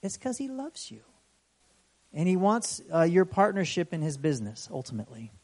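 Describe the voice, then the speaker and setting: A man's voice: a little high, moderate pace. A man preaching a sermon in a conversational way, often checking in with "right?" and acting out the story's exclamations. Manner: animated storytelling with voiced exclamations.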